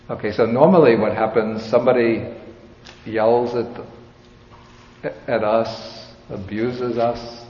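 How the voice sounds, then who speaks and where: A man giving a dharma talk as a Buddhist teacher, explaining a scripture in a slow, measured, explanatory way. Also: mid-range voice. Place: large hall with audience. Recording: reverberant hall, dull sound, faint hiss.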